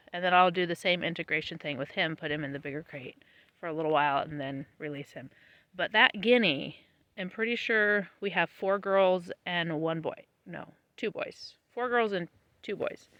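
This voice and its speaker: A woman vlogging casually about her homestead, tired after planting, chatty and laughing often, her voice trailing off softly. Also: fairly low pitch, moderate pace, no echo, dull audio. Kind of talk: casual vlog talk to camera. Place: outdoors on a small homestead.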